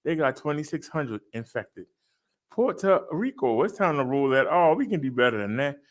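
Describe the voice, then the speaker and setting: A man running through daily figures in a casual vlog, talking straight to his viewers and drawling key phrases loudly for emphasis. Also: a little high, lively intonation, normal speed. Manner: talks to viewers, says "y'all". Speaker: fitness vlogger. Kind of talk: casual daily stats rundown.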